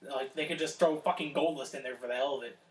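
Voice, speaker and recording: A man co-hosting a podcast, chatting casually about wrestling, excitable and swearing often. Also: medium pitch, quick pace, reverberant. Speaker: podcast co-host.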